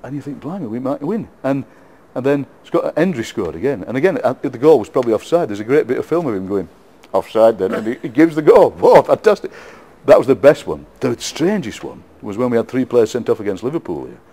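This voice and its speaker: A middle-aged man with a Yorkshire accent, a poet being interviewed, telling lively football anecdotes with frequent laughs and repeated words. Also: medium pitch, fast, hardly any pauses. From England. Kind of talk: casual storytelling interview.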